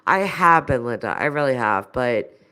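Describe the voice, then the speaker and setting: Rumbling low and animated, her bright, forceful voice moves at a moderate pace despite a cold that leaves her nasal and congested. The woman, in her thirties, reads out viewer comments during a laid-back live stream, coughing, chatting, laughing a lot and leaning on many fillers.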